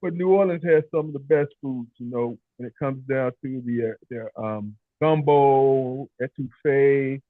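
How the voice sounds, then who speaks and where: A man's voice: medium pitch, unhurried, hardly any pauses, dry recording. A man in casual chat on a video call, telling rambling stories and acting out the people he quotes. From Chicago area. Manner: rambling storyteller, acts out quotes in raised voices. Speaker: meeting participant. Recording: tinny phone-like call audio.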